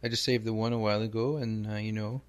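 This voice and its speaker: A man voicing a deadpan, clannish male loon, tagging his lines with "eh?" in an improvised comedy interview. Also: on the low side, fast, clear, resonant tone, natural voice.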